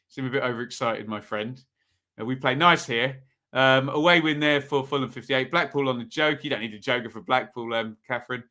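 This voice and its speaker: A man's voice: medium pitch, unhurried, bright, forceful tone. A man hosting a live football predictions stream, chatting casually and reading viewers' comments. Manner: chatty, asks chat for predictions, reads comments aloud. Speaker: football preview host.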